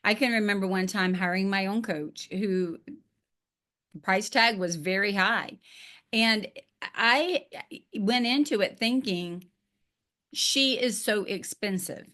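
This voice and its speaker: A woman's voice: mid-range voice, slow pace, long pauses, a bit bright. Woman podcast host and business coach, emphatic and encouraging, casual interview chat.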